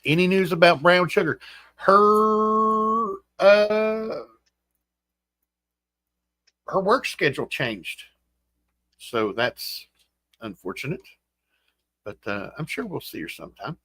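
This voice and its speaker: Folksy West Virginian man, lively pitch. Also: moderate pace, long pauses, slightly rough. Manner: folksy, reads out and greets chat names. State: groggy morning voice. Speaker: livestream host. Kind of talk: casual livestream chat, greeting viewers. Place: home room.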